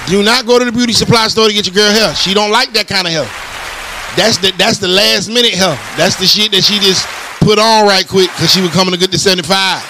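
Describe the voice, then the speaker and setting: Loud, profane man hosting a podcast. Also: high voice, steady tone, fast talker, noisy background. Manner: loud, profane, joking storyteller. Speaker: podcast host. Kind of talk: crude comedic podcast banter and ad reads.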